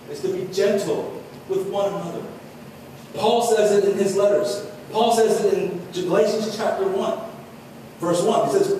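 A pastor delivers an earnest sermon, his voice sitting high for a man. He sounds set back from the microphone in a large, echoing hall. When he quotes scripture, he eases into softer tones. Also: slight background noise. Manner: earnest preaching, drops to soft tones for quotes. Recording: echoey hall from far off.

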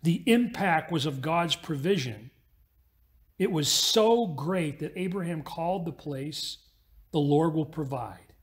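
A man preaching a sermon as pastor, telling a parable with quick, acted-out voices. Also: fairly high pitch, expressive, breathy edge.

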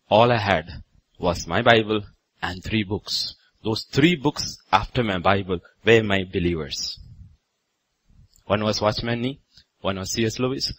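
A man pastor from India preaching a sermon in a church, with sudden loud rises on repeated phrases. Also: lowish voice, husky, low-quality recording.

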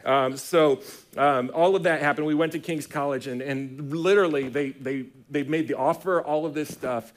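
A middle-aged man preaching a sermon as pastor, talking in a conversational, animated storytelling way with frequent restarts. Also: a little high, moderate pace. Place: church sanctuary.

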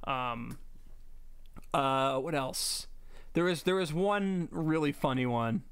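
A man's voice: a little high, animated, slow, clean tone, no echo. A man co-hosting a podcast in casual chat, rambling with fillers and restarts. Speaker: podcast co-host.

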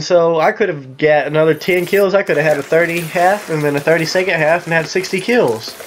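A man's voice: on the high side, moderate pace, hardly any pauses, a little hiss or hum. Rambling Southern gamer guy. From Southern United States. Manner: rambling, excitable, jokey with sarcastic asides. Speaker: gaming commentator. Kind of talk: casual voice-over commentary on gameplay.

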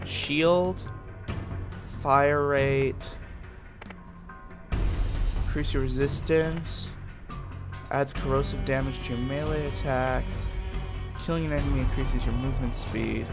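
A man hosting a video game playthrough, reading out upgrade options and trash-talking enemies in an excitable way. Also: medium pitch, slow, long pauses. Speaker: gaming video host. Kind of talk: let's play commentary. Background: game music and gunfire.

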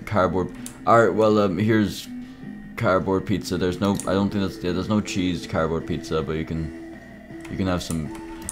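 A young man casually commenting while playing a game, mumbling and halting, with many fillers. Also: low voice. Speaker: gaming video creator. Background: game music.

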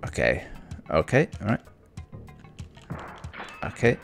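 Guy doing a let's play, dry and sarcastic, lowish gravelly voice, faint game music behind. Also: very animated, takes it slowly, a bit bright. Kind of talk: casual gameplay commentary.

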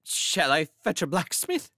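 A man putting on a jittery, brawny one-eyed cook in a storybook tale, his voice lifted well above the narrator's low register and wavering with anxious questions, set against a dry, close sound with no room around it. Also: wildly swooping pitch, unhurried, pushed and bright, no echo, full character voice. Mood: nervous. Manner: anxious, higher-pitched questioning. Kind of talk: storybook character voice.

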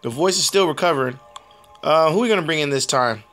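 A man in his thirties with a hoarse voice, chatting casually and laughing at himself while commenting on a mobile game at home. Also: on the high side, animated, fast talker, a bit bright, faint music behind.

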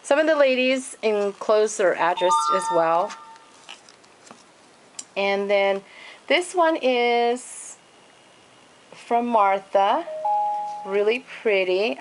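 A woman with a mid-range voice, speaking a little slowly over a noisy background, gives a casual show-and-tell of craft pages in a home video. She gushes about every piece, linking details with fillers and "and then."

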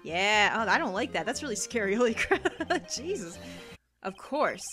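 Excitable woman playing a game. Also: mid-range voice, normal speed. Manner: excitable, laughing, frequent exclamations. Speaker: let's play host. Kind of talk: video game commentary. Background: faint game music.

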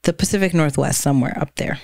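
A woman's voice: sits low, quick pace, gravelly, a little mellow, no room sound, studio quality. A young woman co-hosting a casual podcast, chatty and hesitant, full of fillers and restarts. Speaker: podcast co-host. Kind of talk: casual chat.

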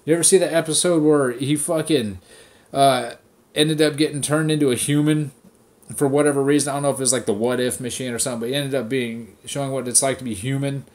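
A man's voice: medium pitch, steady tone, fast talker, darkish tone. A man hosting a podcast, ranting casually with heavy swearing and mocking impressions of people. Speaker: podcast host. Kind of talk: casual profane rant.

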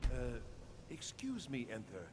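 A man's voice: medium pitch, huge pitch swings, slow pace, darkish tone, in a large hall, slight background noise. A man voicing a nervous, fussy male scholar-mage in a video game, hesitant and apologetic.

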